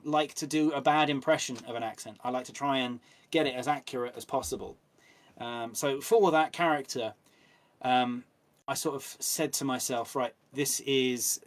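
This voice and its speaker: A man with an English accent, an actor guest telling anecdotes in a relaxed interview chat with frequent ums. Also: medium pitch.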